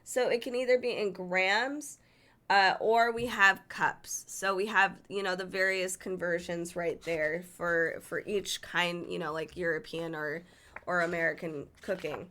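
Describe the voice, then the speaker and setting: A woman's voice: lowish voice, fairly even intonation, a little slow, bright, forceful tone. A woman casually paging through a cookbook, chatty and enthusiastic, stumbling over foreign dish names. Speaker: cookbook reviewer. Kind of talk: casual book flip-through.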